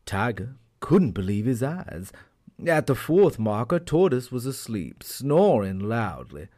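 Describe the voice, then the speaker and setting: A man telling a folk tale aloud as a storyteller, in an expressive, unhurried manner. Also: medium pitch. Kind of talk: animated storytelling.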